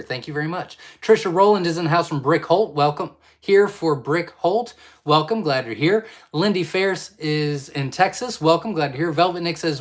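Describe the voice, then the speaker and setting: A man's voice: medium pitch, a bit bright. Casual man reading live-stream comments. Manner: casual, apologetic, many fillers, reads comments aloud then answers. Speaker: quail farm owner hosting a live Q&A.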